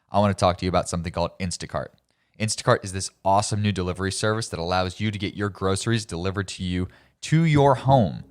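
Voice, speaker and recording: A man with a light Southern American accent, a podcast co-host reading an ad and chatting casually. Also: low voice. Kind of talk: casual chat and ad read.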